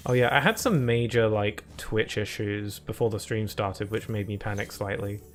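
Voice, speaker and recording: A man's voice: fairly low pitch, normal speed, a bit bright. A man streaming a video game live, chatting casually and rambling to his viewers as he plays. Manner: chatty and rambling, talks to chat between laughs.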